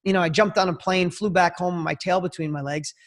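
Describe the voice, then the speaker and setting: Brief: male interview guest, high-pitched, animated and emphatic storytelling. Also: fast. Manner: animated, emphatic, swears casually. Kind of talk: casual storytelling.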